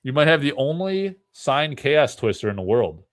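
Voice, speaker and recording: A man's voice: medium pitch, very animated, normal speed, no echo, studio quality. A man hosting a live card break stream, chatting casually and rambling, with frequent laughs between remarks.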